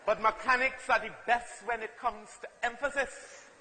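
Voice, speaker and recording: A Trinidadian man performs a comic monologue, playful and emphatic as he acts out everyday voices. His voice sits very high and sounds bright and forceful. It rings with a long hall reverb over faint noise. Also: steady tone, moderate pace. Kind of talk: comic spoken-word performance.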